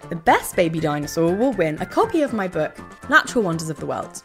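Lively, enthusiastic woman hosting. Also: fairly low pitch, fairly quick, faint music behind. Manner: bright, enthusiastic storyteller addressing children. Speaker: host. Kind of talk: scripted children's podcast narration.

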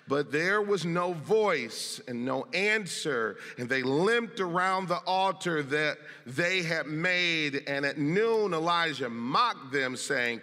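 A man's voice: on the high side, a little slow, sharp tone. A man preaching a sermon as pastor, reading scripture aloud with emphatic delivery. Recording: long reverb of a large hall.

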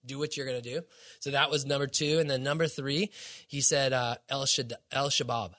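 A man's voice: mid-range voice, steady tone, fairly quick, bright, forceful tone. A middle-aged man giving an earnest, casual faith testimony as a podcast guest, full of acted-out quotes.

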